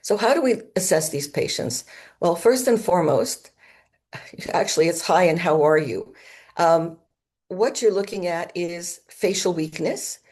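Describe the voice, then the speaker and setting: A woman's voice: fairly low pitch, lively intonation, a little slow, a little mellow, husky. A woman giving a lecture at a medical conference in an auditorium, explaining symptoms and now and then imitating them with her own voice. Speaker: conference speaker.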